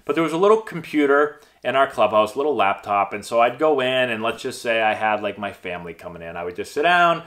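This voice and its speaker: A man's voice: mid-range voice, animated, fast talker, hardly any pauses, fairly bright tone. A man in his thirties, a former pro ballplayer and coach, talking casually to his viewers in a rambling way, with lots of fillers and restarts. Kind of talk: casual vlog talk to camera.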